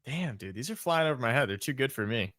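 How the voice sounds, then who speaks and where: A man's voice: mid-range voice, animated, quick pace, fairly bright tone, no room sound, studio quality. A young man co-hosting a casual sports podcast, joking in a laid-back, mumbly way. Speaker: podcast co-host.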